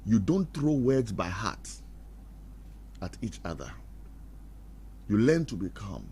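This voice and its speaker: A middle-aged man giving marriage advice like a preacher on a radio talk show, acting out quarrels and laughing at his own jokes. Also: on the low side. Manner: animated, acts out quarrels in put-on voices, laughs at own jokes. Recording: faint background noise.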